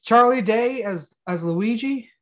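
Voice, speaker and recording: A man's voice: very high voice, slow pace. A man co-hosting a podcast in casual chat, leading topics bluntly with lots of swearing. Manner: leads topics, blunt and profane. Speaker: podcast co-host.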